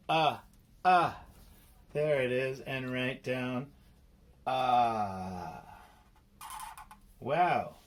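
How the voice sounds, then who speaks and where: Guy doing a kids spelling lesson, kinda high voice, takes it real slow and playful. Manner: slow, playful, sounding out letters. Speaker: spelling teacher. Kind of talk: children's phonics lesson.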